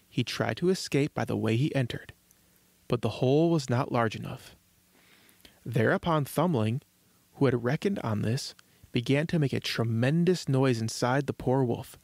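A man reads a fairy tale aloud as host of a children's story show, measured and gentle. His voice sits at an ordinary pitch. The recording is close and dry. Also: creaky, dry recording. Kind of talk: scripted storybook narration.

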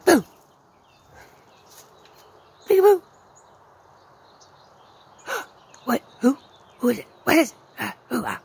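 A woman's voice: on the high side, wildly swooping pitch, normal speed, gravelly, a little hiss or hum. A woman filming her cat, playing peekaboo in cooing, teasing baby talk. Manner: sing-song, cooing and teasing. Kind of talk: playful baby talk to a pet.

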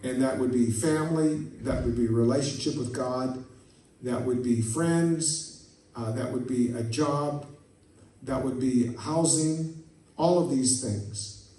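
A man's voice: mid-range voice, slow pace, dark tone, slight background noise. A man preaching a sermon as a pastor, folksy, telling jokes and stories and asking the congregation for amens. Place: church sanctuary. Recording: echoey church from a distant mic.

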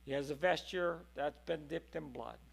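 A man preaching a sermon in a church, impassioned, moving between hushed and loud passages. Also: a little high, normal speed, gravelly.

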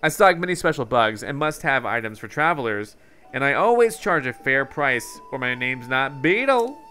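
A man's voice: lively intonation, normal speed, pushed and bright, a little hiss or hum. A man voicing a chatty male traveling bug merchant with a put-on accent, upbeat and salesy. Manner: salesy, upbeat, chuckling through the pitch.

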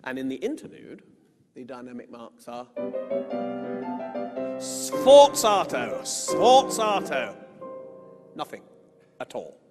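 A middle-aged British man giving a music lecture, explaining and reciting song verses with deliberate emphasis. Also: mid-range voice. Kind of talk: lecture with spoken and sung musical examples. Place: lecture hall. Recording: long hall reverb.

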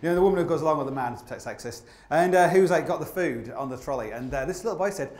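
A man's voice: a little high, animated, fairly quick. A man telling rambling, comic climbing stories live on a theatre stage, full of fillers and the odd swear word. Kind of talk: live comic storytelling talk. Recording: roomy theatre sound with faint noise.

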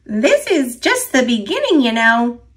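A woman's voice: on the high side, big pitch swings, a little slow. A woman voicing a chirpy, know-it-all squirrel who lectures the leaves in a storybook reading. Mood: teasing.

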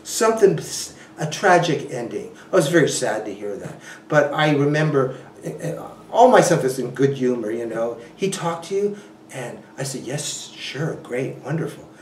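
Male interviewee, animated storyteller, restarts a lot, recorded off-mic in an echoey room. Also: mid-range voice, normal speed, a little hiss or hum. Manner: animated, laughing often, many restarts and you-knows. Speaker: ultrarunner guest. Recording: roomy, a bit distant from the mic.

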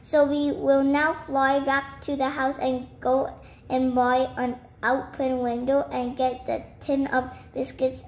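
Woman reader doing a steady, decisive bird dad, high voice, roomy echo. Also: slow pace. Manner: reassuring, decisive. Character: proud, steady bird-turned father. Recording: echoey room, faint noise.

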